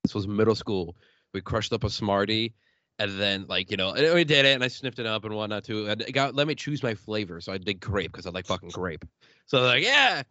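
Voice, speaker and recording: A man's voice: fairly low pitch, lively intonation, a little fast, bright, forceful tone, dry recording, dull audio. A young man from Illinois hosting an uncensored podcast, telling stories with lots of swearing and laughter. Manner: profane, laughing storyteller. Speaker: podcast host. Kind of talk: uncensored casual chat.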